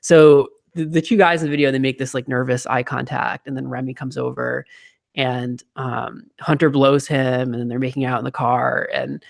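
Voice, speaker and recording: Chatty male host with a gravelly edge. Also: mid-range voice, flat delivery, normal speed. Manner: chatty, lots of fillers and restarts. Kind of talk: casual chat.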